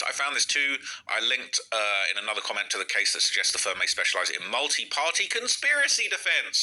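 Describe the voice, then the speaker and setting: Indignant, sarcastic bright-voiced man. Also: lowish voice, poor audio. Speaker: true-crime commentary host. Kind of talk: ranting commentary to camera.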